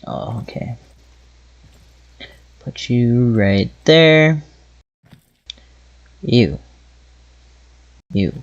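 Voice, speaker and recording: Slow, muttering man playing a game. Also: mid-range voice, lively intonation, muffled recording. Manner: muttering to himself while he plays. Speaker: gameplay video host. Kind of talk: casual gameplay commentary.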